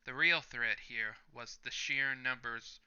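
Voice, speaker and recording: A coolly menacing young male hero, read by a man, speaks in a flat, matter-of-fact way. The voice is bright and smooth and unhurried. It sits on a slightly muffled lo-fi recording. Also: medium pitch. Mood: coldly calm.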